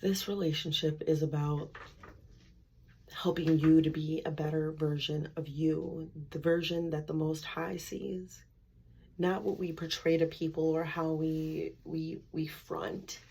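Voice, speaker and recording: A woman's voice: deep voice, little pitch movement, unhurried, gravelly, dark tone, slightly rough. A woman giving a candid, conversational faith testimony, acting out her inner dialogue with God. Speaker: speaker sharing a faith testimony.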